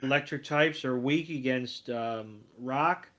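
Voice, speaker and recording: A man's voice: medium pitch, takes it slowly, fairly bright tone. A man recapping a cartoon episode as a podcast co-host, dry and wry, blunt with his jokes.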